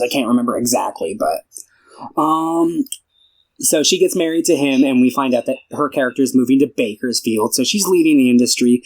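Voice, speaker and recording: Heard on a rough recording, this man's mid-range voice belongs to a podcast co-host casually chatting through a film. His recap rambles with many fillers and restarts, and he plays out scenes by speaking the characters' lines.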